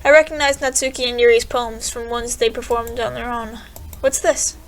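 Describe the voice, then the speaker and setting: A woman's voice: a little high, fairly even intonation, moderate pace. A young woman gaming creator reading a visual novel aloud, trailing off and restarting her sentences. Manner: reads game text aloud, trailing off and restarting.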